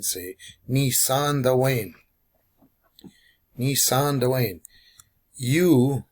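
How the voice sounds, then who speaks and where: A man teaching language phrases, call and response, who repeats each phrase for learners to say back. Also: medium pitch. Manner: slow, drilling repetition of phrases.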